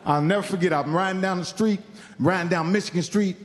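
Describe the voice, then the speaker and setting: A high-voiced stand-up comedian from Indiana tells a profane, animated story at a fairly quick clip, acting out the quotes. It's captured live on a comedy club stage, with the hall's reverb audible.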